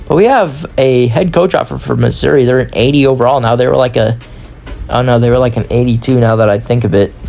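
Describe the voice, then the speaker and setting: A man's voice: medium pitch, gravelly, a little mellow. A man giving casual, rambling commentary on a football video game, with a voice strained from long recording and self-deprecating asides. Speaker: gaming YouTuber.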